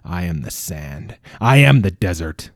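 A man voicing an ancient, proud immortal desert king who speaks gravely and bellows in anger. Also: on the low side, animated, moderate pace, mellow, dry recording, studio quality. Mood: grim.

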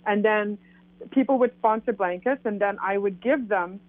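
Canadian woman, lively storyteller voicing quoted lines, heard through a thin, phone-like line. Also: mid-range voice, moderate pace, dry recording. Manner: animated, acts out quoted dialogue. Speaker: guest telling her story. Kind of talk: casual storytelling. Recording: tinny phone line, dry.

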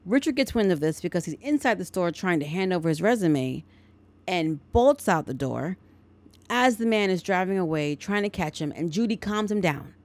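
A woman's voice: fairly low pitch, lively intonation, normal speed, a little mellow. A woman podcast host casually recapping a film plot, chatty and full of her own asides. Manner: chatty, editorializing.

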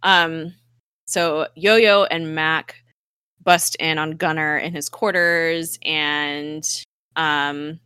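Casual podcast co-host, woman, bright lower voice, animated retelling, dry close mic. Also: drawn-out words, clean tone, no echo. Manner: animated retelling, acts out characters' lines. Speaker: podcast co-host recapping a TV episode. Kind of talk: casual chat, retelling scenes.

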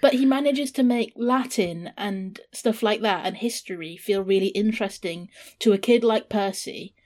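A woman's voice: medium pitch, moderate pace, darkish tone. Enthusiastic woman discussing a book.

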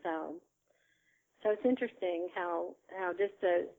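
A woman's voice: on the low side, measured pace. A woman guest telling a story in casual chat, chatty, with frequent laughter and many fillers. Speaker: interview guest. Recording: tinny phone line.

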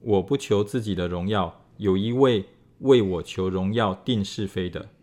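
A man reads scripture aloud at an even, measured pace. His voice sits somewhat low. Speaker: scripture reader.

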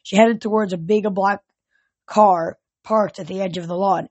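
A man reading a novel aloud as a fan audiobook, steady with occasional slips and restarts. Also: sits high, moderate pace, no room sound, dull audio. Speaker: audiobook reader.

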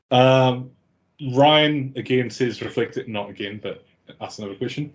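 A man's voice: on the low side, normal speed. A man hosting a casual podcast, laid-back and rambling, swearing freely. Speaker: podcast host. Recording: dull lo-fi sound.

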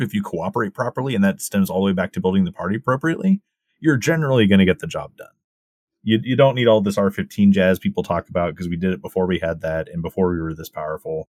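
A man co-hosting a casual gaming podcast, calmly explaining how group play works. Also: deep voice, quick pace, husky, no room sound, studio quality. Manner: explanatory, laid-back. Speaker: podcast co-host.

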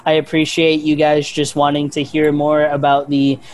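Casting: mid-pitched podcast guest, easygoing and profane, laughs a lot. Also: normal speed. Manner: casual, relaxed, swears, laughs often. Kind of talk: casual podcast chat.

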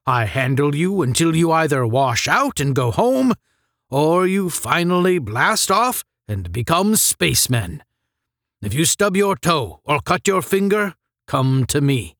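A man doing a gruff veteran space sergeant. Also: a little high, fairly bright tone, no room sound, clean studio sound, full character voice. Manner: barking, drill-sergeant commands.

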